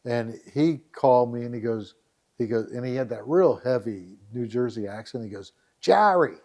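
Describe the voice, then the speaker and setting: A man who founded a dating site, talking as a podcast guest, chuckling often and telling stories with lively quoted voices. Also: medium pitch, moderate pace. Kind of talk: casual interview storytelling.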